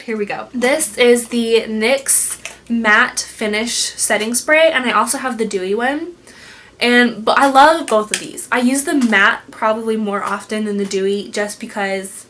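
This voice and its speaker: Sitting in a room at home, a young woman reviews products in a chatty beauty-vlog style, full of fillers as she gushes and rambles. She sounds a little high, pushed and bright, and there's a slight hiss or hum in the background.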